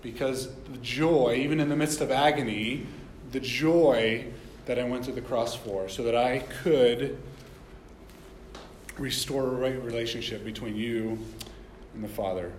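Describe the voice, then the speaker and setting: A man's voice: medium pitch, measured pace, slight background noise. Man preaching a sermon in an echoey room. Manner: conversational, asks the listeners questions. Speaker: pastor. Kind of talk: sermon reading and explaining scripture.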